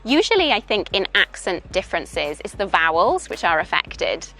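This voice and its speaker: A woman's voice: medium pitch, big pitch swings, normal speed, pushed and bright, a little hiss or hum. A young British woman from Wales, an English teacher, chatting casually in an outdoor interview and explaining with examples. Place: outdoors in a park. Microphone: handheld voice recorder.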